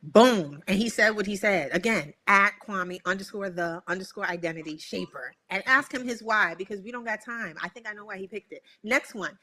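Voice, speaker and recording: Woman podcast host, bright tone, playful, laughs a lot, hype interjections. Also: mid-range voice, a little fast, hardly any pauses. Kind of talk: casual interview chat.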